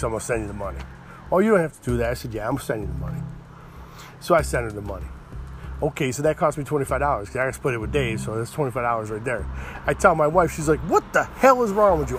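A middle-aged man telling stories in a casual, profane rant, acting out both sides of every argument in a worked-up way. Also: mid-range voice.

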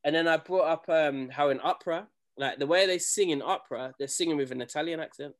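A young man tells stories in a loose, slangy, animated way. His voice sits a little high for a man. It is a casual chat between friends. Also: fast. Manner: animated storytelling, slangy, acts out quoted people.

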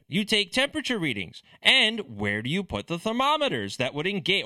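A man's voice: sits high, pushed and bright, no echo. A man ranting in political commentary, sarcastic and scornful.

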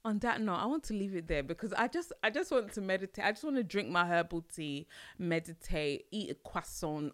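A woman's voice: lowish voice, animated, a little fast, a bit bright, no echo, clean studio sound. A young woman talking casually on her own podcast, exasperated and slangy, laughing often. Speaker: podcast host. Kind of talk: casual solo podcast monologue.

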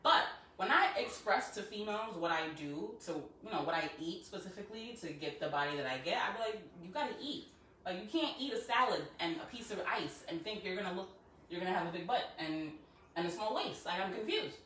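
A woman's voice: mid-range voice, a little fast, slight background noise. A woman co-hosting a casual podcast chat, telling sassy, profane stories from the gym. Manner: sassy, profane, animated storyteller. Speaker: podcast co-host. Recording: echoey room, distant mic.

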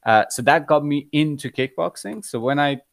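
A man's voice: a little high, moderate pace, vocal fry, dry recording. A young man with a mixed British, American and Iranian accent, a podcast guest talking casually and telling stories with lots of fillers. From Iran. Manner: chatty storyteller, many fillers. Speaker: podcast guest, fitness coach. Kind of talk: casual conversation.

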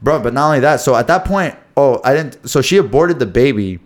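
A young man co-hosting a podcast, telling a story in casual chat, animated and swearing freely as he acts out what people said. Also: mid-range voice, a little fast. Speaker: podcast co-host.

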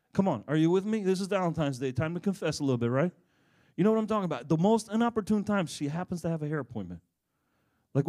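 Brief: middle-aged male pastor, slightly higher voice, lively storyteller turning earnest. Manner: animated storytelling, then soft earnest preaching. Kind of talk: sermon with a personal story.

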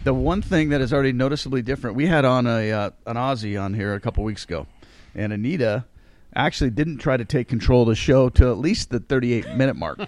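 A man hosting a casual podcast, teasing his guest and laughing often. His voice sits at an ordinary middle pitch. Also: quick pace, darkish tone, no room sound. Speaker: podcast host. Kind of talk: casual chat.

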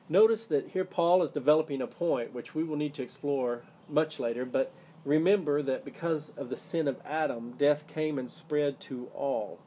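On his solo Bible-teaching podcast, a man with a fairly high yet warm, mellow voice teaches scripture earnestly and emphatically, stressing key words. A faint hiss runs beneath the recording.

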